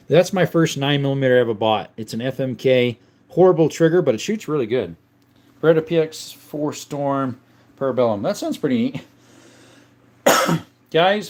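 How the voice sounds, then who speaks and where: A man hosting a live stream in a casual chat style, reading out viewer comments and answering them in a relaxed, easygoing way. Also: medium pitch. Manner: relaxed, with frequent uh and um.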